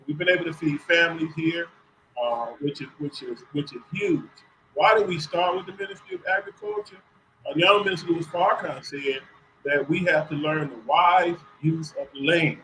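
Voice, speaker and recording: A man's voice: on the high side, fairly quick, a bit bright, slight background noise, low-quality recording. Earnest man telling his story. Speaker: community organizer guest. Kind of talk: radio interview answer.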